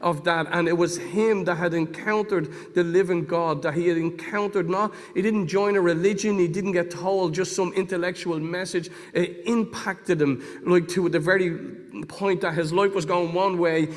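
A middle-aged man preaching his own testimony, moving between hushed moments and fervent storytelling. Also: high-pitched, fairly even intonation, normal speed. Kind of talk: testimony sermon. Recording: long hall reverb.

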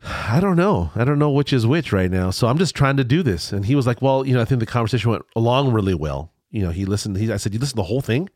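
A man's voice: medium pitch, expressive, fast, darkish tone, no room sound, studio quality. A man hosting a podcast in casual chat, sounding congested and nasal, rambling and restarting his sentences. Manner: rambling, repeats words, restarts often. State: congested, stuffy nose. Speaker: podcast host.

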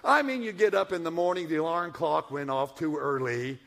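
Middle-aged male pastor, slightly high gravelly voice, humorous folksy sermon delivery. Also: moderate pace. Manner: folksy, humorous, swings from hushed to loud.

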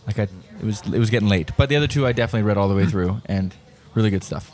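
Low-voiced guy rambling thru book recs at a diner table, casual podcast chat. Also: very fast, darkish tone. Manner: rambling, self-correcting. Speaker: podcast co-host.

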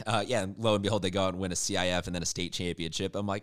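A man's voice: deep voice, fast. A man hosting a local sports show, chatty and upbeat as he interviews a coach. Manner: chatty, upbeat, animated in sign-off. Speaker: sports podcast host.

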